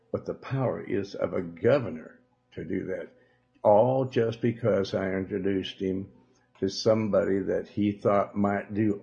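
A man with a Southern drawl spins a rambling tale from the pulpit of his own program. His voice sits deep and gravelly. He preaches and denounces between fillers and side remarks, heard on a muffled, lo-fi recording. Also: a little mellow. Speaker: church leader hosting a religious program. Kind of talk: rambling storytelling monologue.

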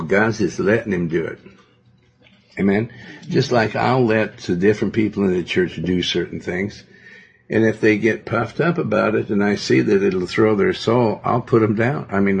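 Male pastor, deep gravelly voice, domineering and rambling, husky tone, lo-fi recording. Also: normal speed. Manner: domineering, rambling, with many fillers. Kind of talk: sermon. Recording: dull lo-fi recording.

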